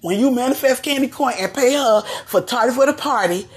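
A woman host, giving sassy, animated gossip commentary straight to her listeners. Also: fairly high pitch, fairly quick, husky.

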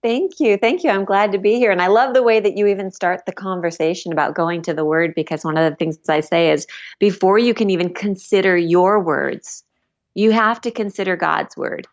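A woman author guesting on a podcast, telling stories in an animated way and laughing as she talks. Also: mid-range voice, fairly quick, muffled recording. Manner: animated storyteller, laughs while talking. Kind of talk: casual chat.

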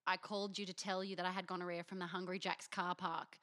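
A woman's voice: lowish voice, flat delivery, fast talker, bright, forceful tone. A young Australian woman telling a frank, self-mocking story as a podcast co-host. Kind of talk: candid storytelling chat.

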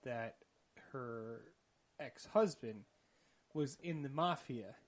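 A young man telling an awkward dating story in a casual podcast chat, animated and often laughing. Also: medium pitch, slow pace. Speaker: podcast co-host.

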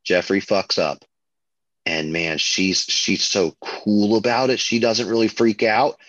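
A man co-hosting a podcast, chatting casually and excitedly about a film, full of fillers and restarts. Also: on the low side, slow pace, no room sound, highs cut off. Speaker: podcast co-host.

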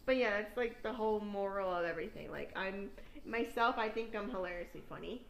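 A woman's voice: medium pitch, fairly quick, creaky, echoey room, dull audio, slight background noise. A young woman from New York, a podcast host chatting casually, rambling and swearing and laughing at her own stories. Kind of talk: casual chat.

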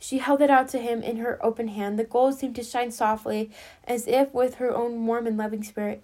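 A woman reading a classic story aloud as a storyteller, gently addressing her listeners as friends. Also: fairly high pitch, fairly even intonation, moderate pace.

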